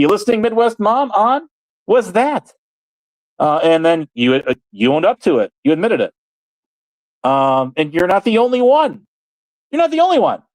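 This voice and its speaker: A man's voice: fairly high pitch, no echo, poor audio. A man hosting his own channel, ranting in a rambling, sarcastic, aggrieved way and swearing freely. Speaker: channel host. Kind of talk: casual ranting monologue.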